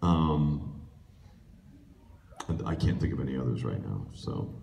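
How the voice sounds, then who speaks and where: Man, very deep voice, joking convention panel talk, distant echoey hall recording. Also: expressive, measured pace, gravelly, darkish tone. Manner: casual, joking, rambling with many fillers. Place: large convention room.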